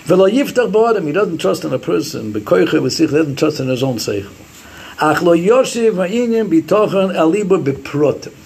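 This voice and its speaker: A man teaches a Torah class with a raised, gravelly voice. His pitch swoops widely as he quotes Hebrew sources and acts out the sayings he explains. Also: lively intonation, moderate pace, darkish tone, a little hiss or hum.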